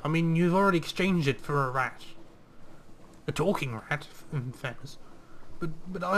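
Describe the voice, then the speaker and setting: A man putting on a hungry old tiger with a posh British accent, drawling slowly and politely about snacks in a slightly raised voice. He is fussy and genteel, a predator with the manners of a tea party. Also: on the high side, fairly bright tone, a little hiss or hum.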